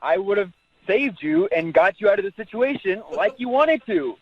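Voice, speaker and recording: A man calling in over a dull, narrow phone line, sounding defensive and a bit sheepish. His voice sits slightly high for a man. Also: expressive, normal speed. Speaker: caller.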